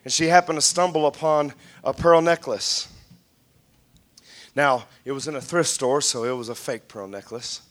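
A male pastor preaching a sermon in a church, calling out to the congregation and building up to shouts. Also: mid-range voice, moderate pace.

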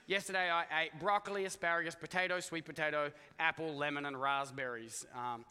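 Speaking fairly quickly with fairly even intonation, this middle-aged Australian man has a slightly high, pushed and bright voice with a clear, resonant tone. As pastor, he gives a conversational, jokey sermon with lots of asides in an echoey church hall.

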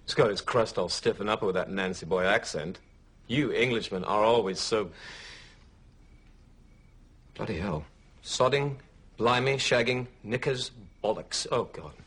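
A man's voice: fairly low pitch, unhurried, pauses often, a bit bright, slightly rough. A man playing a sneering character who mocks the English by rattling off British slang, heard as a film clip. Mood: mocking. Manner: mocking, spits out a string of British slang. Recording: film clip played into the podcast.

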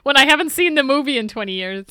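A woman's voice: high voice, quick pace, slight background noise. A woman in casual chat, answering quiz questions and protesting with amusement. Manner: lively, protesting, easily amused. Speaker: quiz contestant.

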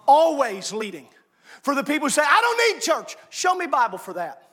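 A man preaching a fervent sermon in a church, often shouting his lines. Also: very high voice, wildly swooping pitch, moderate pace, big-room sound. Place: church sanctuary.

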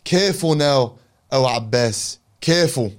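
A man voicing a fierce, zealous male warrior companion who speaks with forceful, indignant intensity. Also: medium pitch, animated, measured pace, voice pushed down, close to an everyday voice.

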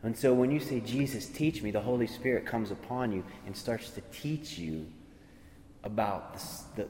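This man's voice sits on the low side and has a darkish tone, with a little hiss or hum in the recording. Preaching earnestly in a hall full of long reverb, he keeps repeating words and voicing what other people might say.

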